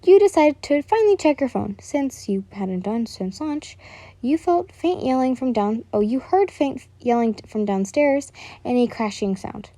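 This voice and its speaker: A woman's voice: a little high, animated, normal speed, dark tone, no room sound. A woman reading a fan fiction story aloud, stumbling and correcting herself as she goes.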